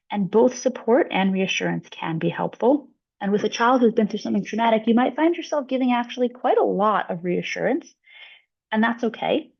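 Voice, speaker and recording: Woman psychologist, gravelly, lo-fi audio. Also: fairly high pitch, fairly quick. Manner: clear, explanatory, gives examples in short acted quotes. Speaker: psychologist presenting a webinar. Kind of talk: webinar presentation. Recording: dull lo-fi webinar audio.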